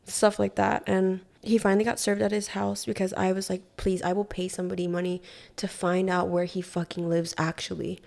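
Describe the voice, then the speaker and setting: Young woman, podcast guest, casual and animated, curses a lot, gravelly fry in a mid-pitched voice. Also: fairly quick. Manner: animated retelling, heavy swearing, acts out quotes. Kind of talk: casual storytelling. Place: Hawaii.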